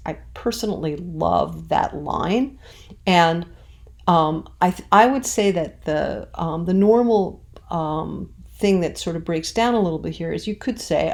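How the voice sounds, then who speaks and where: A woman's voice: lowish voice, lively intonation, normal speed, creaky, darkish tone. A woman teacher giving a casual recorded lesson, chatty with many fillers, reading verse lines aloud with exaggerated stresses. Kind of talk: recorded classroom lesson on poetic meter.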